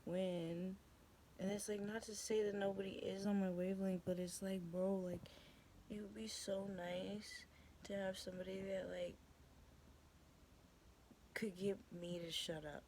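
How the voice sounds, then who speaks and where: A woman's voice: medium pitch, little pitch movement, a little slow, long pauses, a little mellow, a little hiss or hum, low-quality recording. A young woman venting in a casual confessional vlog, blunt and profane, rambling with lots of fillers. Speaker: vlogger.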